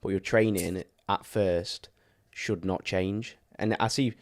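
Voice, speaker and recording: A man's voice: deep voice, steady tone, slow. A man, a fitness coach co-hosting a podcast, explaining training advice at length in a casual chatty way with fillers.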